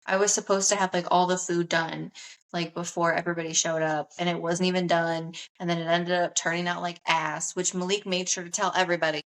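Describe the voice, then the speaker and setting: A woman's voice: lowish voice, little pitch movement, brisk, a bit bright, poor audio. A young woman co-hosting a podcast, chatting casually with frequent laughter and poking fun at herself. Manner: laughs often, chatty and self-mocking. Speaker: podcast co-host. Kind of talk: casual chat.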